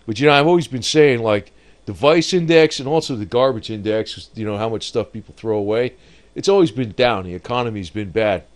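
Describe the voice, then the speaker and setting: Male, mid-pitched, rambling off-the-cuff market commentator who laughs at his own jokes. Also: brisk.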